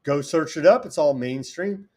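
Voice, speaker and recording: A man's voice: fairly high pitch, normal speed, a little mellow. A man from California hosting a political talk show, delivering sarcastic, indignant commentary. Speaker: host.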